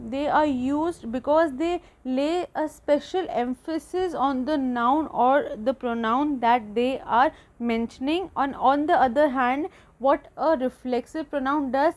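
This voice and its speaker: A woman with an Indian English accent, hosting a grammar video lecture for students and explaining step by step, repeating her example sentences. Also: high voice. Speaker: teacher, channel host.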